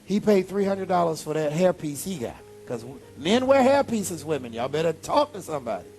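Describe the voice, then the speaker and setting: A man pastor preaching a sermon, animated, with sudden high exclamations. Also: fairly quick, faint music behind.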